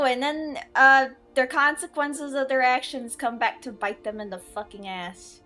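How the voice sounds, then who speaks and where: A woman's voice: a little high, measured pace, hardly any pauses, a bit bright, soft background music. A woman streamer chatting casually with her viewers during a game stream, blunt and swearing freely. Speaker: VTuber streamer.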